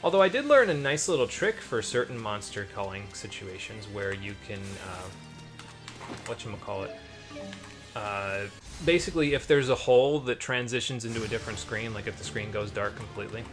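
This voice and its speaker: A man's voice: lowish voice, expressive, brisk. A man hosting a gameplay stream, casually explaining game mechanics with lots of fillers and asides. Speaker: streamer and host. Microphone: desk microphone, turns away to read chat. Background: game music.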